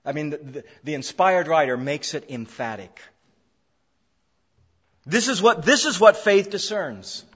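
A man's voice: on the high side, very animated, unhurried, long pauses, fairly bright tone, husky. A man preaching an expository sermon, emphatic, repeating phrases for stress. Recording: dull lo-fi sound in a reverberant hall.

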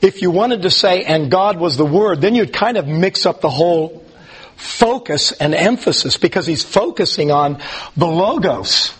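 A man's voice: high-pitched, animated, moderate pace, slightly rough. A man teaching a Bible class in a casual, rambling way, with frequent ums and restarts.

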